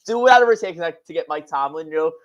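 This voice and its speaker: A man's voice: on the high side, lively intonation, quick pace. A man calling in to a sports talk show, talking eagerly and pleadingly with lots of fillers. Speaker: caller. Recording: dull phone-call audio.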